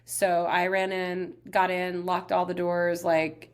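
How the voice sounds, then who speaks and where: A young woman from Texas, hosting her own show, telling a travel story in a chatty, animated way with lots of "like". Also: lowish voice, slow pace, smooth. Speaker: podcast host. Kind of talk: casual storytelling.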